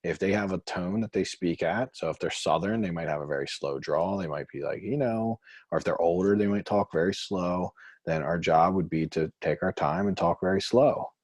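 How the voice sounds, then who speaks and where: A man coaching a group call, chatty and quick, acting out short quotes as he explains. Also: sits low, darkish tone, slightly rough, no room sound. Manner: fast, chatty, acts out quotes.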